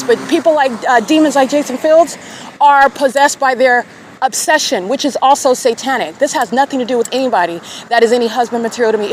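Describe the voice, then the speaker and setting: A woman podcaster delivering a scornful, accusatory monologue outdoors in an urban square. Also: fairly high pitch. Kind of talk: confrontational monologue. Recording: clear traffic noise outdoors.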